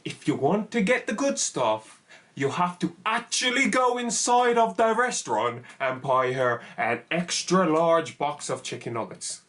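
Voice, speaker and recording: A young man telling a funny personal story in an animated, exaggerated comic way. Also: on the high side, measured pace. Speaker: YouTuber. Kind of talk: comedic story time.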